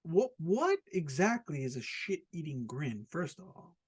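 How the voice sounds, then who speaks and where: An American man talks through a loose, rambling podcast rant with a husky, slightly raspy voice. His pitch sits a bit high and swings widely as he keeps getting more incredulous. He swears freely and is quick to laugh at his own jokes. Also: sing-song. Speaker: podcast host. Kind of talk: casual solo podcast rant. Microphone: podcast microphone, also filmed.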